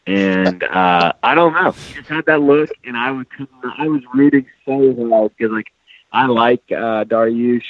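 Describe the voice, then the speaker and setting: A man's voice: medium pitch, measured pace, dull audio. A man co-hosting a casual podcast chat, rambling with lots of fillers. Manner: rambling, many fillers and restarts. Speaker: podcast co-host.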